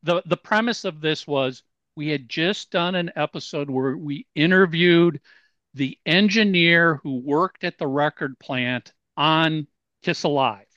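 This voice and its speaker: High-voiced man, excited podcast co-host. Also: unhurried, no room sound, lo-fi sound. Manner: excited, repeats words when starting. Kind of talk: casual podcast chat.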